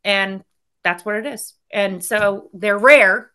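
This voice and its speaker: A woman executive being interviewed, talking candidly and energetically in quick bursts that often trail off. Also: medium pitch, bright, forceful tone. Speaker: guest, company executive. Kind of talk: casual interview talk.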